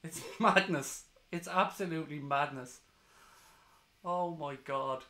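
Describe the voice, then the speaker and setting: A man streaming a live football watchalong, ecstatic and swearing, reading chat messages aloud, hoarse from screaming. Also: on the high side, slow, pushed and bright, echoey room.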